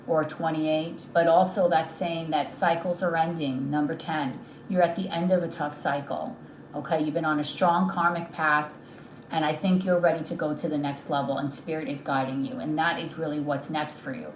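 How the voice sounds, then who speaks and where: A woman with a lowish voice gives a tarot reading, gently reassuring the listener. The sound is roomy, with a faint hum of noise underneath. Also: fairly even intonation, normal speed. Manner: soothing, reassuring, repeats "okay?". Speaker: tarot reader.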